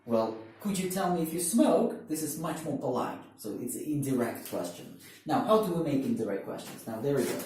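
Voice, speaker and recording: A man with as his teaches an English grammar lesson in a lively, swooping voice that keeps putting questions to the class. His tone is mellow. He sounds far from the mic in a very echoey classroom. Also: medium pitch, fairly quick, hardly any pauses. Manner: animated, emphatic questions to students.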